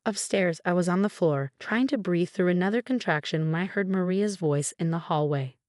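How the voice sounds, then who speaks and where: A woman with a lower voice telling a dramatic first-person story with emotional emphasis. The sound is close and dry, like a studio voice-over. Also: normal speed, a little mellow, no room sound. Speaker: story narrator.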